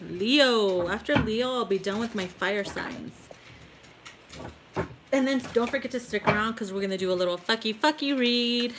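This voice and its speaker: A woman's voice: fairly high pitch, expressive, moderate pace. Woman, casual tarot reader, chatty, giggly, swears a lot, faint background hiss. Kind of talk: casual live tarot reading. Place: home tarot room.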